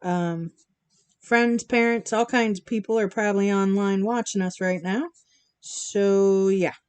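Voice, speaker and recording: A woman's voice: mid-range voice, fairly even intonation, measured pace, smooth. A woman hosting a charity live stream, chatting casually and giggling as she reacts to viewers' comments while she paints. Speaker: charity livestream host. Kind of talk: casual chat with chat readers.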